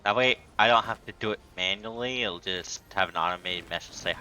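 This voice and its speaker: A man's voice: on the low side, a little fast, sharp tone, soft background music. A man streaming a game live, playfully taunting enemies and chatting to viewers. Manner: playful, talks to enemies and chat.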